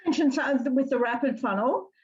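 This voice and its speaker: A woman's voice: sits high, quick pace, a little mellow, dull audio. A woman on a team call eagerly explaining a tip she found. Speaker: team member. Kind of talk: chiming in on a group call. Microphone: video call.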